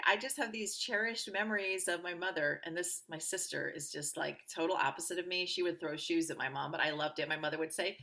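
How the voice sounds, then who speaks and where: A woman with a bright, clear voice talks through her own stories as a podcast guest. She is upbeat and animated and acts out the voices of the people she quotes. The delivery is loose and conversational. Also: mid-range voice. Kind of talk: conversational interview storytelling.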